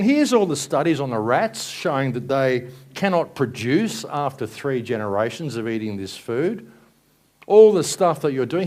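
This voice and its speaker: A man's voice: mid-range voice, darkish tone. A man giving an angry, sarcastic presentation at a live event, swearing and ranting. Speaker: speaker at a conference.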